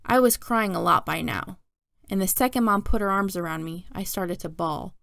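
A woman reading a children's novel aloud in a steady, plain narrating voice. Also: fairly low pitch, moderate pace, gravelly, no room sound. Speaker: storyteller.

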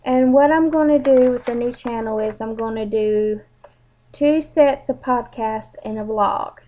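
A young woman vlogger introduces her channel in a casual, somewhat rambling chat. Her voice sits on the high side and moves a little slowly, captured in a dull, lo-fi home recording.

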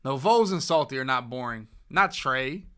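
A man's voice: medium pitch, animated, normal speed, fairly bright tone, smooth. A young man hosting a gaming podcast, chatting casually with loose, joking trash talk. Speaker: podcast host. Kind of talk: casual chat while streaming.

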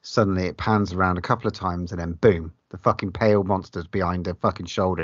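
A man co-hosts a podcast in lively casual chat, swearing heavily. His voice is very low, and the recording is dry and dull. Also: moderate pace, no room sound. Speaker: podcast co-host. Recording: dry, muffled podcast audio.

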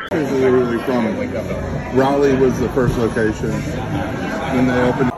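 A man hosting a casual food review vlog, chatty and easygoing, sometimes talking while eating. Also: medium pitch. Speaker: vlog host. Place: busy theme park bar. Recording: noisy crowded bar. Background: loud crowd chatter.

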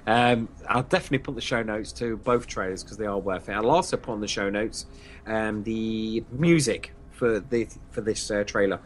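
A man's voice: fairly low pitch, moderate pace, slight background noise. A man co-hosting a fan podcast, chatting enthusiastically, repeating himself with plenty of fillers. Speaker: podcast co-host. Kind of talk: casual podcast chat.

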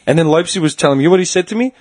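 A man's voice: on the high side, racing. A man, hosting a podcast and telling a heated story in casual chat, swearing freely and acting out what people said. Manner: animated, profane ranting storyteller, acts out quotes. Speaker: podcast host.

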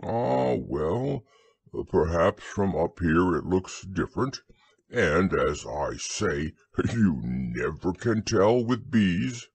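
A man voicing a gentle, slow-thinking teddy bear in a bedtime audiobook, musing and earnest. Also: low voice, expressive, gravelly, husky, no echo, exaggerated voice. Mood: hopeful.

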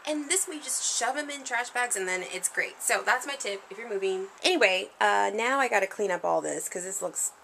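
A woman's voice: mid-range voice, animated, brisk, creaky, few pauses, sharp tone, slight background noise. A young woman chatting upbeat to a handheld camera in her apartment. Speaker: vlogger. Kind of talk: casual vlog chat. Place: apartment indoors.

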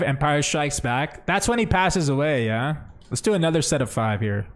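A young man streaming a game, chatting casually and thinking out loud as he plays. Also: a little high, animated, normal speed. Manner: chatty, thinks aloud, says bro and man. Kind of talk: casual livestream commentary.

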